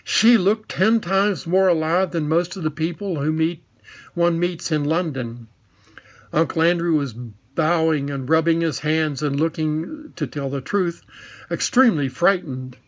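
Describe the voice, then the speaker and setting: A man's voice: on the high side, measured pace. Man narrating a storybook, dull lo-fi sound. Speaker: audiobook reader. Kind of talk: scripted narration.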